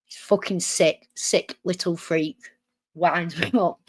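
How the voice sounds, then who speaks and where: A woman's voice: on the low side, fairly even intonation, takes it slowly, breathy edge, no echo, studio quality. A woman hosting a reaction stream, talking back at clips with sarcasm and swearing. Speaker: streamer host. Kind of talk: reaction commentary.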